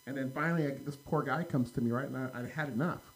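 An American man tells a rambling story in casual podcast chat, animated and packed with "like" and "right?" fillers. His mid-range voice moves fast, and the recording quality is low.

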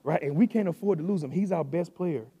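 A man preaching a sermon, telling a coaching story in a relaxed, slangy way that swells into loud shouting. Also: on the high side, a little fast, husky, no echo, in a large hall. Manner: coaching, conversational, with southern-style slang. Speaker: pastor.

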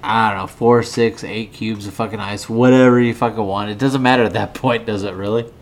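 A man's voice: fairly low pitch, fairly even intonation, brisk. A drunk man hosting a podcast, rambling and swearing as he bickers with a co-host. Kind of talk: casual drunken rant.

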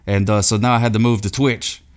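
A man's voice: on the low side, steady tone, a little fast. A man guesting on a podcast, rambling along in a goofy, folksy comic way with playfully broken grammar. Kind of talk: comedic casual chat.

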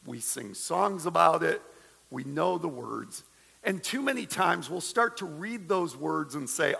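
Gravelly middle-aged male pastor preaching. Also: a little high, normal speed, big-room sound. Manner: animated storytelling with humorous asides. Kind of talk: sermon.

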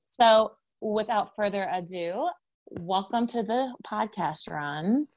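A woman's voice: medium pitch, slow, no room sound, lo-fi sound. A woman hosting a spiritual podcast, talking in an effusive, gushing way as she introduces and chats with a friend. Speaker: podcast host.

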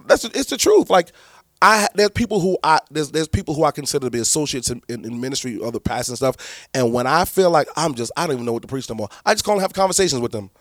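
A man's voice: fairly high pitch, lively intonation, fast, dry recording, studio quality. A man, a pastor, teaching church leaders in a preaching style, emphatic and repetitive with many restarts.

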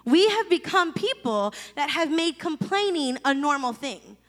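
A young adult woman preaching a sermon, telling stories with lively acted-out voices. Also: high-pitched, a little slow, long reverb tail. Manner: animated storytelling, mimics voices. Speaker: pastor.

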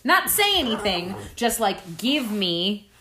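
A woman's voice: mid-range voice, sing-song, takes it slowly. Wry woman chatting on a podcast, dry humor, faint hiss behind. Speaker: podcast co-host. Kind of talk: casual chat.

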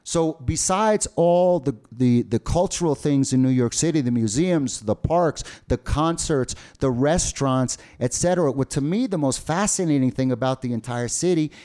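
A man's voice: a little high, lively intonation, normal speed, few pauses, mellow. A man from the United States co-hosting a podcast, talking casually with many fillers and restarts. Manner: rambling, full of fillers and restarts. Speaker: podcast co-host. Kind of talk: casual bilingual podcast chat.

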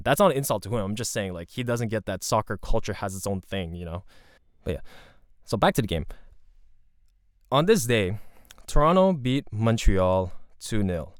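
A man telling a rambling, profane story in a casual, animated way. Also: lowish voice, moderate pace, clean tone, dry recording, clean studio sound.

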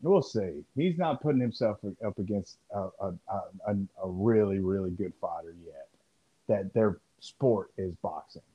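A man's voice: sits low, expressive, normal speed, slightly rough. A man co-hosting a podcast in casual chat, rambling and profane as he riffs. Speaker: podcast co-host. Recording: muffled lo-fi audio.

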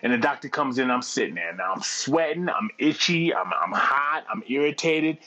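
Profane, animated middle-aged man telling a story. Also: mid-range voice, moderate pace, dull audio. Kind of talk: casual anecdote telling.

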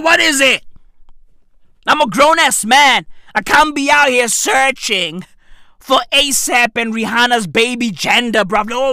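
A man's voice: sits high, sharp tone, dry recording, studio quality. A young man ranting comically, rambling and repetitive, swearing constantly and calling listeners "bruv". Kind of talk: profane comic rant.

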